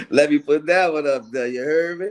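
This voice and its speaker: A man's voice: a little high, noisy background. A man hosting a casual livestream show, greeting viewers by name in loose slangy banter.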